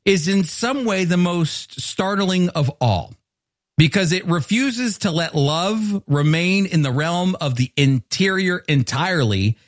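Animated, earnest male Bible teacher. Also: on the high side, no room sound, studio quality. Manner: earnest, explanatory, with frequent stammered restarts. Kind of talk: sermon-style Bible teaching.

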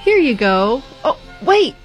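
A man in falsetto voicing a doting mother in a comedy ad sketch, over a music bed. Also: very animated, takes it slowly, exaggerated voice. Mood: coaxing. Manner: sweet, coaxing, falsetto. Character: doting middle-aged mom in a parody ad.

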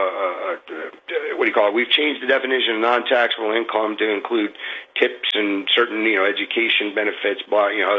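A man calling in to a radio show, venting in a rambling, frustrated way, halting often with fillers. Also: mid-range voice, husky, muffled recording. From Florida. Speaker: radio caller. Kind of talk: call-in venting.

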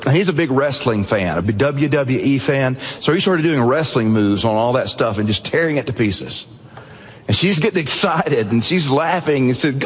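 A man preaching a sermon, telling a story earnestly and softening his voice at emotional points. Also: medium pitch, lively intonation, moderate pace, breathy edge. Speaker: pastor. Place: church sanctuary. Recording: long reverb of a large hall.

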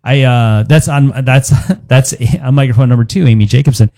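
A man's voice: mid-range voice, normal speed, vocal fry, mellow, dry recording. A man hosting a talk radio show, rambling and joking casually with his co-hosts. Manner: rambling, joking, chuckles between words. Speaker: radio host.

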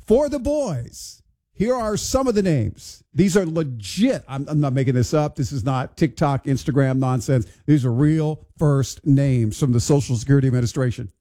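Bemused radio morning host, mellow voice. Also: male voice, mid-range voice, expressive, moderate pace. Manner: bemused, wondering aloud, conversational. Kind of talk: casual radio chat. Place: radio studio.

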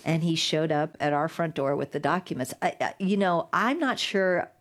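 A woman's voice: low-pitched, normal speed. A middle-aged woman, a guest lawyer, telling a story in an interview and acting out the quotes. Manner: animated storyteller, acts out quotes with laughs. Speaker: guest, digital rights lawyer.

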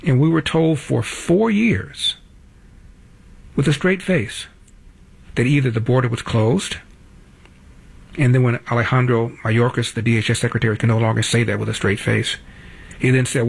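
A man's voice: mid-range voice, normal speed, gravelly, pauses often, breathy edge. An older man hosting a political talk radio show, delivering a wry, combative monologue that builds to emphatic peaks.

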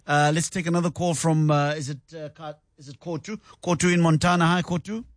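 A man hosting a radio call-in show, relaxed, often repeating words as he thinks. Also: a little high, a little fast, no echo, studio quality. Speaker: radio talk show host. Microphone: studio microphone.

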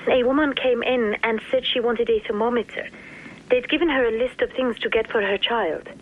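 High-voiced woman on a tinny phone line. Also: fairly even intonation, normal speed. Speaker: hospital worker speaking by phone. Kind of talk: phone interview.

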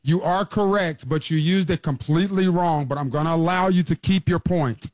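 A man's voice: fairly high pitch, moderate pace, a little mellow, no room sound, muffled recording. A man calling in as a regular radio guest, talking emphatically and repeating himself for effect. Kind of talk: casual radio banter. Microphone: remote mic that cuts out.

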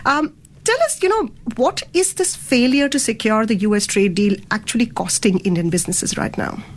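A woman's voice: fairly high pitch, lively intonation, normal speed, slight background noise. A woman presenting business news and interviewing a guest, conversational, with ums and you knows.

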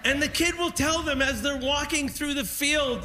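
A man performing stand-up comedy with a loud, shouted delivery. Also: very high voice, normal speed, few pauses. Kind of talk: stand-up set. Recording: live show with crowd noise.

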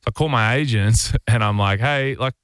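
A man's voice: fairly low pitch, brisk, no room sound. An Australian man, a basketball player, telling a story casually on a radio show, rambling with lots of fillers and restarts. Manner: rambling, relaxed, full of "like" and restarts.

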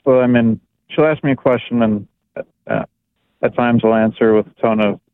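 A man's voice: mid-range voice, steady tone, normal speed, a little hiss or hum. A man calling in to a radio show with a question, speaking hesitantly and self-consciously. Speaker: radio caller. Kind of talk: call-in question. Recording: tinny phone line.

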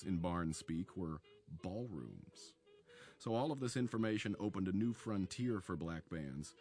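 Brief: man, very low voice, measured documentary narrator, soft music bed underneath. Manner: measured storytelling delivery. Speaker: author narrating a radio segment.

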